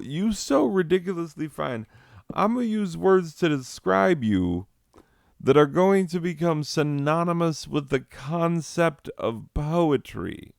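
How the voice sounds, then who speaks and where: A man's voice: fairly high pitch, gravelly, dry recording, studio quality, pitched above the performer's own voice, heavily acted. A man putting on a brash, swaggering Shakespeare who trash-talks in profane street slang while reciting his poems.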